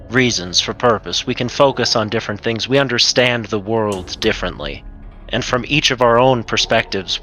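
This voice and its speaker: A man's voice: mid-range voice, bright, forceful tone. A man playing his character in a tabletop game, speaking earnestly and reflectively. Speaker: player. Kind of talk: in-character tabletop role-play.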